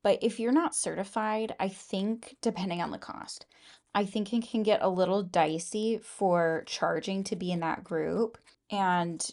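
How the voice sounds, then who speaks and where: A woman's voice: medium pitch, a little mellow. A woman host giving casual, skeptical commentary in wry asides.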